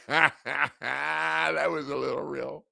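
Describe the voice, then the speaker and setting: A middle-aged man, a legal self-help coach, telling a profane story in a lively, laughing way and acting out the people he quotes. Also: fairly high pitch, drawn-out words, creaky, no room sound. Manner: animated, profane, laughing, acts out quoted voices. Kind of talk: casual storytelling monologue.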